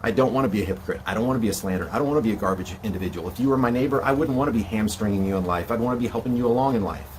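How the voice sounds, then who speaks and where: A man's voice: fairly low pitch, racing, hardly any pauses, slight background noise. A man in a played video clip, talking earnestly and justifying himself to his viewers. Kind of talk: monologue to camera in a played clip.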